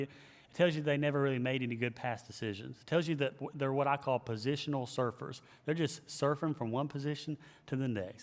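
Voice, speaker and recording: A man who is a pastor, giving an emphatic, animated leadership teaching and repeating his key phrases. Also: medium pitch. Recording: long hall reverb.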